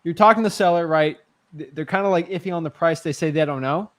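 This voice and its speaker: High-voiced animated man telling stories. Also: quick pace. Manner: animated storyteller, laughs while recounting. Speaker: real estate wholesaler, guest. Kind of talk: casual storytelling chat.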